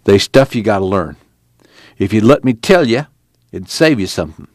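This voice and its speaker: A man's voice: on the low side, lively intonation, moderate pace, dry recording, clean studio sound. A man voicing a weary drifter who talks in a plain, blunt rural drawl.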